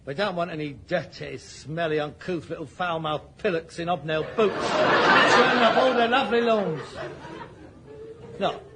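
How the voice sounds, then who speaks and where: An actor playing a snobbish, exasperated grown son in a vintage radio sitcom. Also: male voice, fairly high pitch, measured pace, a crowd in the background, noisy background. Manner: pompous, exasperated, insulting.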